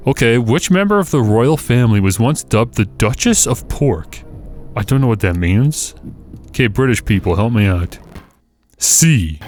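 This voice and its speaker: A man doing casual gameplay commentary on a quiz game, sarcastic and exasperated, joking as he reads the questions aloud. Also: mid-range voice. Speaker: gaming YouTuber.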